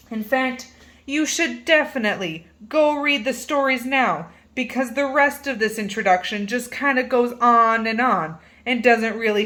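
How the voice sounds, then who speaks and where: Woman, reading a kids' picture book aloud, playful, bright, lively pitch, drawn-out words. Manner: playful, animated, drawn-out emphasis. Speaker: reader.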